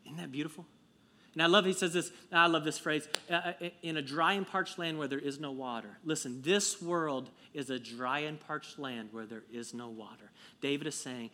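Bright-voiced earnest male pastor. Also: mid-range voice. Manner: earnest, conversational, swings from hushed to emphatic. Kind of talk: sermon.

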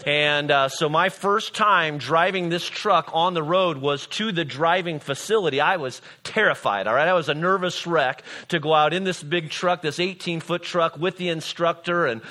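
A man's voice: a little high, normal speed, hardly any pauses, bright, forceful tone. A middle-aged man from Illinois, a pastor preaching a sermon in a conversational storytelling way with frequent "all right?" asides.

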